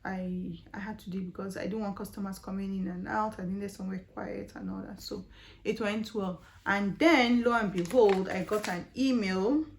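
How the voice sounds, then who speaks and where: A young woman with a Nigerian accent tells a personal story straight to her viewers. She talks in a chatty, animated way, scattering fillers and rhetorical questions as she goes. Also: medium pitch, normal speed, slight background noise. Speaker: vlogger. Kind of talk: casual storytelling vlog.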